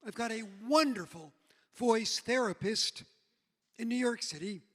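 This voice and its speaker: A man's voice: very high voice, fairly bright tone. A man, an author speaking at a book festival, with a strained, odd-sounding voice from long covid, telling a story in a wry, self-mocking way. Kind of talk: humorous talk to an audience. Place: large event hall on stage. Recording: long reverb in a large hall.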